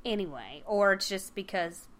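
A woman's voice: medium pitch, expressive, moderate pace, slight background noise. A woman co-hosting a casual podcast, chatting and laughing as she recaps a sitcom episode and acts out the characters' lines. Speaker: podcast co-host.

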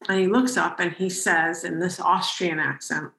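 A woman podcast host telling a story in an animated way, with frequent restarts. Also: lowish voice, normal speed, creaky, few pauses, reverberant, poor audio. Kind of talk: conversational storytelling.

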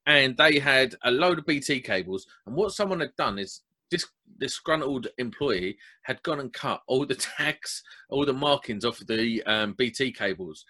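A young man tells a story on a casual podcast, blunt and animated. His voice has a bright, forceful edge. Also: mid-range voice, moderate pace. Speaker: podcast host.

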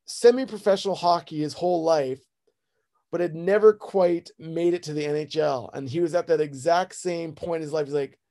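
A man's voice: fairly high pitch, warm tone. A man in his thirties telling a casual personal story, rambling and self-deprecating, often acting out what people said. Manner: rambling, self-deprecating, acts out quoted voices.

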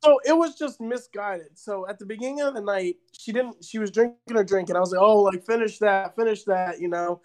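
A young man with a high, light voice tells a story in casual chat. He is animated, laughs often and leans on filler words as he talks. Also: fairly quick, hardly any pauses, no echo.

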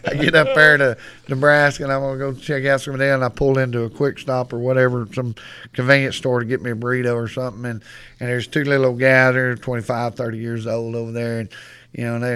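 Bright-voiced West Texas storyteller man. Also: medium pitch, clear, resonant tone, no echo. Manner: rambling, bawdy, laughs often. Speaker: podcast guest. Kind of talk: casual storytelling.

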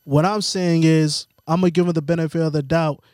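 A man co-hosting a sports podcast, explaining things in a measured, playful way. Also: fairly high pitch, steady tone, a little mellow, dry recording. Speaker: podcast co-host. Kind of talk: casual sports chat.

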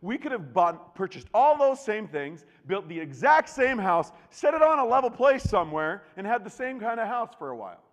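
A middle-aged man preaching a sermon, telling a story with lively acted-out voices. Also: sits high, normal speed, few pauses. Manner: animated storytelling, acts out voices. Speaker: pastor. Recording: long reverb of a large hall.

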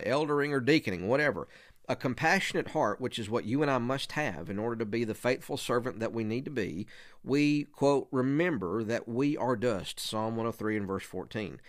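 A man's voice: mid-range voice, a bit bright. Earnest preacher man, repeating himself. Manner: earnest, frequent word repeats and restarts. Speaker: preacher teaching other preachers. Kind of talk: conversational teaching talk.

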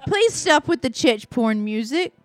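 Lively bawdy woman co-host. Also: high voice, unhurried, faint music behind. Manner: loud, bawdy, laughing, drunk-sounding. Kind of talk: crude comedic banter.

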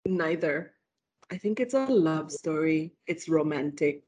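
A woman with a Malaysian English accent, a lecturer telling a ghost story in casual chat, animated and full of fillers and laughs. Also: sits low, unhurried, husky. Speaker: lecturer, guest.

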